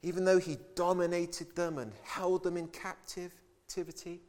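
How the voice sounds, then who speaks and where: A man's voice: high-pitched, little pitch movement, moderate pace, darkish tone. A man preaching a sermon with emphatic delivery, acting out the voices of biblical figures in the quotes.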